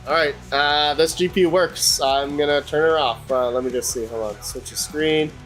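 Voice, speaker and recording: A man's voice: a little high, steady tone, moderate pace, a bit bright, soft background music. A man hosting a casual livestream, chatting to viewers as he tests hardware. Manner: chatty, talks to viewers while working on hardware. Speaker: livestream host.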